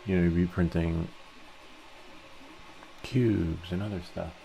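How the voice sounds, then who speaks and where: Male tutorial host, low gravelly voice, dark tone, relaxed think-aloud delivery, faint hiss underneath. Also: takes it slowly, dull audio. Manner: relaxed, thinks aloud step by step while working. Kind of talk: casual screen-share tutorial narration.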